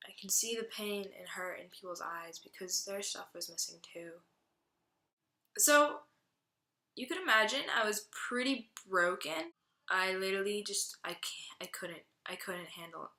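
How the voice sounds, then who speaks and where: A woman's voice: mid-range voice, animated, a little slow, pushed and bright. A young woman telling a personal faith testimony, chatty and full of "like" fillers. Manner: chatty, heavy use of "like" fillers. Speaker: student giving a testimony. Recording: roomy echo.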